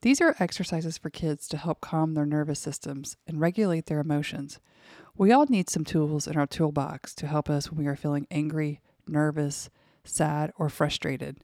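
A woman with a fairly low, warm, mellow voice gently guides children through a calming imagery exercise. She often slips into soft whispers. The recording is close and dry, with no room sound. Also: normal speed, no room sound. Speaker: host and mother leading guided relaxation for kids.

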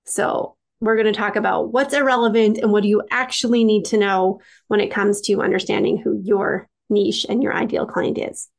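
A woman's voice: mid-range voice, steady tone, moderate pace, vocal fry, few pauses. Chatty woman, branding coach. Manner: chatty, frequent "like" fillers, light laughs. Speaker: podcast host and branding coach. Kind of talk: casual interview answers.

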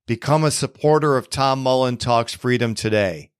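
Soft-spoken male podcast host, dry sound. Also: mid-range voice, normal speed, clear, resonant tone, no echo. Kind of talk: interview questions and read sponsor break.

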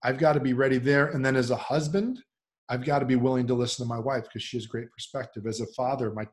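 A middle-aged man talks through his ideas in a casual, thoughtful interview. His voice sits in an ordinary middle register, and he shifts into animated voices when he acts out friends or his own inner thoughts. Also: medium pitch, fast talker. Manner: reflective, animated when quoting others. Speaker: podcast guest.

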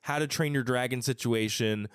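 A man's voice: medium pitch, moderate pace, smooth, no room sound, studio quality. A man chatting enthusiastically as a podcast guest, recapping a book. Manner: enthusiastic, expressive. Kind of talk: casual book recap chat.

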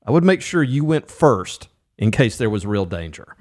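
A man co-hosting a business podcast, chatting casually in a joking, animated way. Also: lowish voice, moderate pace. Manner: animated, jokey, with filler restarts. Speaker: podcast co-host. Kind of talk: casual chat.

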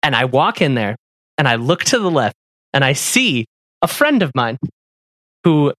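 A man's voice: medium pitch, big pitch swings, a little slow, a bit bright, no room sound, studio quality. A man co-hosting a podcast, telling a story in casual chat, laughing often and acting out the people he quotes. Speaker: podcast co-host.

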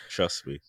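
A man co-hosting a podcast, chatting casually with a joking manner and a blocked nose. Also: dry recording. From England. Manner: joking, animated, laughs a lot. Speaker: podcast co-host. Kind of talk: casual chat.

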